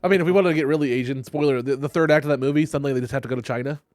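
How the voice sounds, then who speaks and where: A man's voice: medium pitch, fairly even intonation, rapid-fire, darkish tone, no room sound. A man hosting a casual podcast chat, swearing freely and laughing often. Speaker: podcast host.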